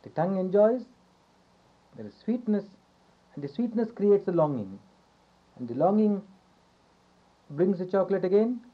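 A man's voice: sits high, lively intonation, moderate pace, long pauses, slightly rough. Man teaching yoga philosophy, lo-fi recording. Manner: repetitive, rhetorical questions, soft chuckles. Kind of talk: philosophy lecture. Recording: dull lo-fi recording.

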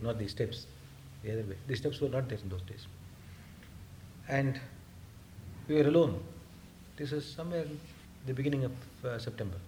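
An older man recounting memories of his teacher in a spoken talk, hesitant, with frequent fillers, and animated when he quotes others. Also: medium pitch, slight background noise. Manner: hesitant storytelling with many fillers, acting out quoted speech. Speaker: speaker recounting memories of a guru.

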